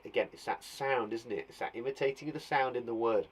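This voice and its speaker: A man's voice: mid-range voice, fairly quick, few pauses. A man teaching young children online, chatty and thinking aloud as he acts out the sounds of words. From England. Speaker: primary school teacher.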